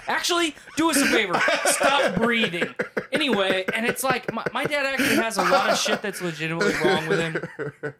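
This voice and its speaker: A man's voice: high-pitched, expressive, fairly quick, over a noisy crowd. A man in his thirties co-hosting a podcast, talking in a rambling, profane, casual way and laughing often. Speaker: podcast co-host.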